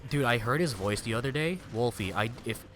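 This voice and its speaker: A man's voice: mid-range voice, animated, brisk, a bit bright, soft background music. A young adult man streaming a game, chatting casually with viewers in a rambling, slangy way. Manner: rambling, slangy, peppered with "dude" and "like". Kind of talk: casual gameplay chat.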